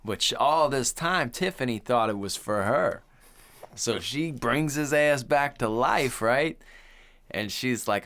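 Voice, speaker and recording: A man's voice: medium pitch, moderate pace, fairly bright tone. A young adult man co-hosting a podcast in casual chat, laughing a lot as he retells scenes and quotes lines. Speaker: podcast co-host.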